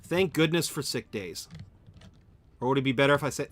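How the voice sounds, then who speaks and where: This is live gameplay commentary from a man at home who answers his chat and keeps correcting himself while he thinks aloud. He speaks fairly quickly at a medium pitch.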